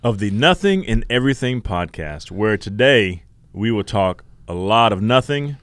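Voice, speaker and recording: A middle-aged man with a Southern US accent and a fairly low voice that still swings widely in pitch. He talks in a relaxed, deadpan way, casually chatting as a podcast co-host. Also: moderate pace, no room sound. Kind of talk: casual chat.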